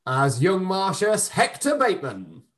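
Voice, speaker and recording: A man's voice: high-pitched, wildly swooping pitch, a little slow. A man hosting the wrap-up of a live online show, effusive and upbeat, thanking the performers and introducing the cast over a video call. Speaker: host and director.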